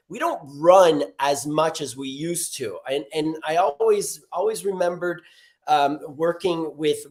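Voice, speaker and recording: Upbeat man coaching a live online workout. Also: a little high. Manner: upbeat, encouraging, chatty. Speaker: strength and conditioning coach. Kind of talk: live online fitness class.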